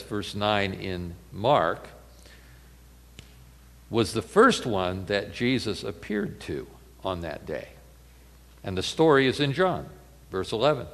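Animated preacher in an echoing hall. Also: male voice, medium pitch. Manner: animated retelling, swings from loud to hushed. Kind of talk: sermon storytelling.

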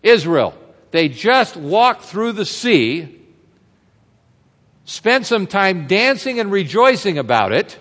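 A man's voice: high voice, sing-song, slow, long pauses, a bit bright, in a large hall. A man preaching an expository sermon in a conversational way, often putting rhetorical questions to the congregation. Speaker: pastor.

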